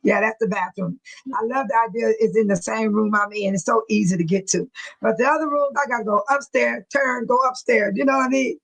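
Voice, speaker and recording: A middle-aged woman from California talks casually on a livestream from her home, and her voice sits notably high. She chats loosely and warmly with her viewers, calls them by name, and breaks into frequent laughs. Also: fairly quick, creaky, poor audio. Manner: chatty, laughs often, addresses viewers by name. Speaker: livestream host. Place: home room near a bathroom.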